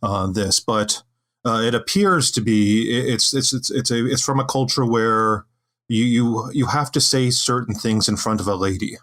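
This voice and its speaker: A man's voice: mid-range voice, normal speed, a bit bright. A man on a podcast panel, talking things through casually with lots of restarts and fillers. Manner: hesitant, many restarts and fillers.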